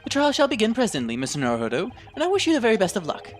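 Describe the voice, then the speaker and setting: Eccentric male detective, lively and pompous, voiced by a woman, game dub. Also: mid-range voice, rapid-fire, faint music behind, pitched above the performer's own voice. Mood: grand. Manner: grand, airy and theatrical.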